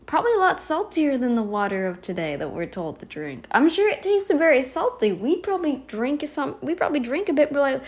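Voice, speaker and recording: A woman's voice: high-pitched, big pitch swings, brisk, hardly any pauses, darkish tone. A woman giving a casual reaction commentary, arguing emphatically back at a video she is watching. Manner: emphatic, argumentative, talks back to the clip.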